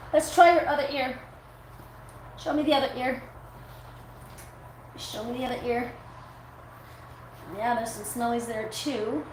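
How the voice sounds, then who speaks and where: Woman dog groomer, live-stream host, casual and cooing, device mic in a noisy, reverberant grooming room. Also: on the high side. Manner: chatty, coos at the dog between talking to viewers. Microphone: device mic, her own mic not set up. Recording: echoey room with background noise.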